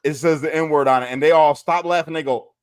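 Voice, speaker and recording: A man's voice: fairly high pitch, fairly even intonation, fairly quick, clean tone. A man co-hosting a podcast, telling stories in a loose, profane way and laughing as he retells funny clips. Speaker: podcast co-host. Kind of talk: casual chat, storytelling.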